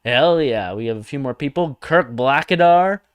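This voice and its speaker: Smooth-voiced provocative male streamer. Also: medium pitch, expressive, normal speed, no room sound, highs cut off. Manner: provocative, mocking, reads chat aloud. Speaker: comedy livestream host. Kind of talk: satirical livestream monologue.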